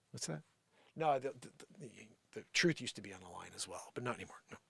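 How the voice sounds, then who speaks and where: A man hosting a live show, ranting in an animated, sarcastic opinion monologue. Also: medium pitch, fast talker, no echo.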